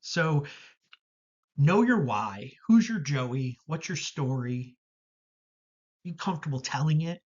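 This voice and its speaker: A man's voice: fairly high pitch, animated, slow pace, long pauses, lo-fi sound. Reflective man telling a camp story. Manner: candid, reflective, with frequent fillers and self-corrections. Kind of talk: personal storytelling talk. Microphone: video call.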